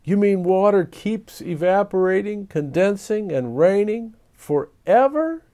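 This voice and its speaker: A man's voice: high voice, sing-song, unhurried, darkish tone, voice pushed up, heavily acted. A man doing a nervous schoolboy. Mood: worried. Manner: anxious, hesitant, complaining. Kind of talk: storybook read-aloud.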